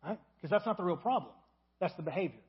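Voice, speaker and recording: Husky-voiced man preaching a sermon. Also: lively intonation, fast, muffled recording. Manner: emphatic, repeats key phrases, drops to soft low tones for acted prayers. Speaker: pastor.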